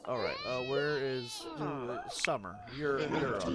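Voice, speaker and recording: A man giving casual gameplay commentary as a streamer, excitable and sarcastic, swearing and laughing often. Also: mid-range voice, unhurried, a loud crowd. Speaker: gaming streamer.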